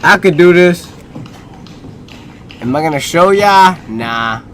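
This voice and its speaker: Lively high-voiced male streamer. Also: slow pace, slight background noise. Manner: hype, slangy, talks back at the screen. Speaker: streamer reacting to videos. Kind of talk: casual reaction commentary.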